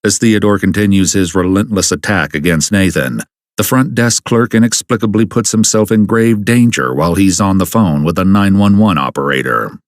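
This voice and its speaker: A man giving scripted true-crime narration in a measured, grave, dramatic delivery. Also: sits low, no room sound, studio quality.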